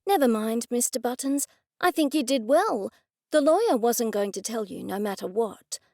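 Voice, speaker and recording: Matter-of-fact woman amateur sleuth, the narrator's own voice, bright pitch. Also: lively intonation, moderate pace, no room sound, clean studio sound. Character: practical woman amateur sleuth, first-person heroine.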